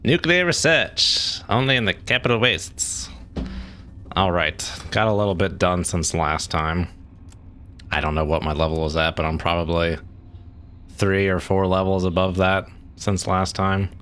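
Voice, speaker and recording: A man's voice: sits low, fairly even intonation, normal speed, a bit bright, a little hiss or hum. A man streaming a game, giving casual, rambling commentary as he plays and thinks aloud.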